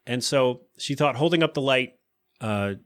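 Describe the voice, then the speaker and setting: A man's voice: medium pitch, expressive, normal speed, a bit bright. A man in his thirties, a podcast host, telling a casual story in a rambling way, correcting himself and wondering aloud.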